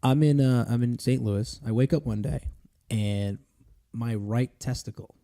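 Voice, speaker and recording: A man hosting a podcast, telling a personal story in casual, animated and profane chat. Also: mid-range voice, unhurried. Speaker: podcast host.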